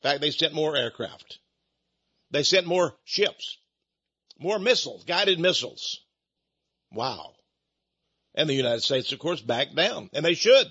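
A man's voice: on the high side, animated, measured pace, pauses often, bright, forceful tone, breathy edge. An older man giving a combative, sarcastic political monologue and repeating words as he goes. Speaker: political commentator. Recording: dull lo-fi sound.

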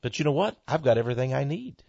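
A man's voice: medium pitch, very animated, quick pace, gravelly, darkish tone, no room sound, dull audio. A man hosting his own radio ministry program, reading a listener's letter aloud and then preaching in a folksy, earnest way that swells into fervent exclamations.

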